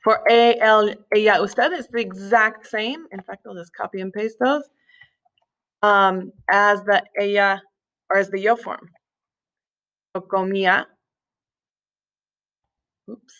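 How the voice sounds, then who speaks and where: Slow, patient woman teaching a lesson. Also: mid-range voice, a bit bright. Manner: patient, explanatory, with small slips and fillers. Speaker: Spanish teacher. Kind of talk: recorded screen-share lesson.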